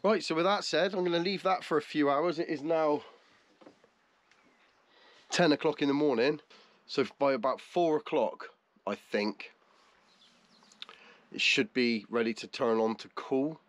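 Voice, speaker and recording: A man's voice: on the high side, a little slow, pauses often. A man vlogging casually, chatty and self-mocking, from in and around a camper van. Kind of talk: casual vlog talk to camera.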